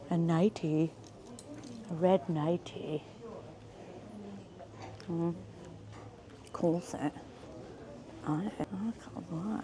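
A woman's voice: lowish voice, dark tone. A woman, chatting in a bubbly, self-mocking way as she vlogs her day. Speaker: vlogger. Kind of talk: casual vlog chat. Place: shops and office, in and out.

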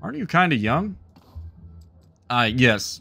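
A man's voice: mid-range voice, sing-song, moderate pace, bright, forceful tone, soft background music. A man streaming a game, reading the dialogue aloud and adding casual, sarcastic asides. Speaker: gaming streamer.

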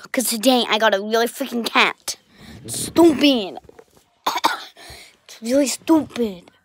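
A woman playing a bratty, self-absorbed young vlogger who talks in a whiny, petulant, deliberately clueless way. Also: sits high, no echo, exaggerated voice. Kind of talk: comic character vlog.

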